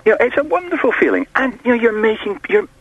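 A man's voice: very animated, fast talker, breathy edge, no room sound. Male panto actor, enthusiastic, huskier tone, dull radio-clip quality. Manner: enthusiastic, sweeping pitch.

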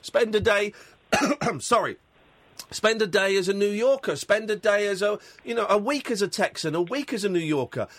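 A male radio host with a high, very animated voice drives his points home by repeating them again and again. The sound is close and bone-dry, straight from a studio mic. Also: normal speed, no echo. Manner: emphatic, repetitive, urging. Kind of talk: phone-in talk radio.

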